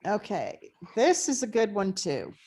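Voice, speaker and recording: A woman teaching a history class over a video call. She talks in a relaxed, conversational way and fills the gaps with "okay" and "you know" as she walks through her material. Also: medium pitch, a little slow. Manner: conversational, thinks aloud with fillers. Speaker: history professor. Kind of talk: online lecture.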